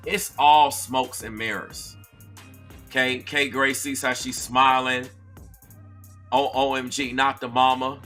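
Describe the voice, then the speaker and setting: A man hosting a live-stream commentary, his voice sharp and bright and sitting a little high. He talks straight to his viewers in an emphatic, preachy way, hammering points home through repetition. Faint music runs underneath. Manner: conversational, addresses viewers directly. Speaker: commentary channel host.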